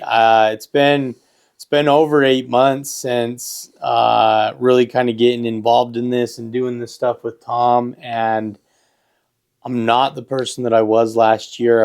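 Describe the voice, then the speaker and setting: A man's voice: medium pitch, gravelly, darkish tone. A man co-hosting a self-help podcast, talking earnestly and repeating phrases for emphasis. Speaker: podcast co-host. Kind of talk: casual motivational chat.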